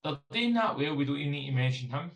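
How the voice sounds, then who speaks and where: A man's voice: fairly high pitch, animated, fast talker, gravelly, echoey room, recorded from a distance. A Scottish man co-hosting a casual football podcast, joking around, swearing and calling everyone mate. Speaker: co-host.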